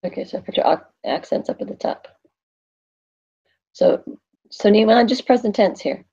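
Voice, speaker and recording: A woman's voice: medium pitch, animated, normal speed, creaky, dark tone, breathy edge, dull audio. A woman teaching a Spanish class in a classroom, thinking aloud and quizzing her students.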